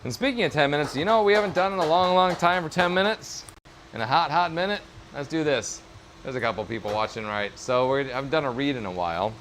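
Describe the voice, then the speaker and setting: The voice sits on the high side: fast, expressive, and fairly bright, with a little hiss or hum on the audio. He's a streamer chatting casually while doing leatherwork in his workshop, encouraging and upbeat, filling his rambling talk with fillers.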